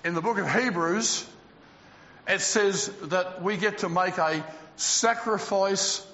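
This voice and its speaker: A man preaching a lively, humorous sermon to a local church, stretching out words for emphasis. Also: sits high. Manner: animated preaching with humour, drawn-out emphasis. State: out of breath. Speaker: pastor. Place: church hall. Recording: echoey hall, slightly dull sound.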